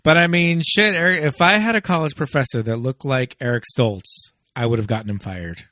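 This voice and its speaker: A man's voice: medium pitch, fairly quick, bright, forceful tone, dry recording, clean studio sound. A man co-hosting a casual movie podcast, chatty and laughing often. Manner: chatty, acts out quoted lines, laughs often. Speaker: podcast co-host.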